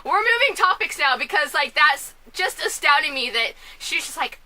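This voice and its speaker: This film and musical reviewer talks from home, her family sleeping just next door. In a high, bright voice she chats in an excitable, scatterbrained, rambling way, with sudden short flashes of loud indignation, making for casual vlog commentary.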